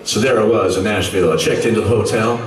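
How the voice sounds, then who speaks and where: A rock singer telling a story to his audience between songs, with dramatic pauses and teasing asides to the crowd. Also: lowish voice. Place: concert club stage. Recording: echoey club from far, loud crowd.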